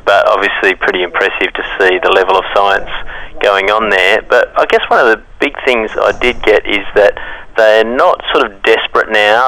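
A man's voice: lowish voice, bright, forceful tone. A man with an Australian accent chatting upbeat on a podcast about weed management, heard over a phone line. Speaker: weed management expert guest. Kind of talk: casual podcast chat.

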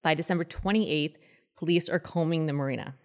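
Female podcast host, thirties, low voice, chatty and animated true-crime teller. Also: a little fast. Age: 30s. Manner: chatty, animated, acts out quoted people in a higher voice. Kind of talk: casual true-crime storytelling.

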